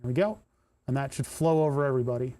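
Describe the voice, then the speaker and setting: A medium-pitched, mellow male voice moves quickly. The speaker is a streamer soldering an electronics kit live, casually narrating every step and muttering with frustration as he hunts for the parts he needs.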